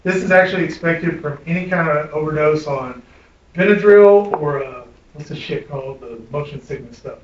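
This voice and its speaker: A man's voice: a little high, normal speed, muffled recording, slight background noise. Blunt man lecturing a class. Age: middle-aged. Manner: blunt, profane, quizzing the class. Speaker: EMS instructor. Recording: echoey room, distant mic.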